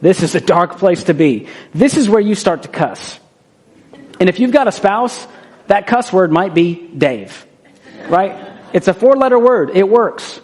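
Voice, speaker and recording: A man with a high, light voice delivers a motivational talk. He speaks in short, punchy lines and keeps it conversational, checking in with the listener by asking "right?". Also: darkish tone. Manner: acts out quoted voices for effect.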